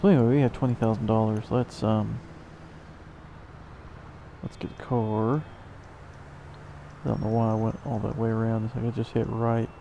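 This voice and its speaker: A man's voice: fairly low pitch, level tone, moderate pace, creaky, pauses often, dark tone, lo-fi sound, a little hiss or hum. A tired man casually commenting while playing a video game, rambling with self-mocking asides. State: yawning, tired. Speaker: let's play host.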